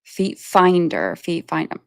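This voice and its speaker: A woman's voice: fairly low pitch, big pitch swings, slow pace, creaky, dry recording. Chatty woman streamer, dry sound. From Georgia, US. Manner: chatty, laughs often, talks to chat. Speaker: livestream host. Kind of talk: casual livestream chat.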